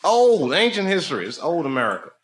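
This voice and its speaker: A man's voice: on the high side, big pitch swings, quick pace. Joking man chatting with fans. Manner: joking, chatty, laughs often. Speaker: comedian. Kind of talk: casual banter with fans after a show. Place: crowded room after a show.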